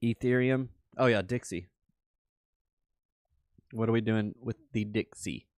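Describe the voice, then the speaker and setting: A man's voice: on the low side, measured pace, no echo, studio quality. A man streaming a crypto trading session, chatting casually and rambling to his viewers with frequent laughs. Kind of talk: casual livestream chat.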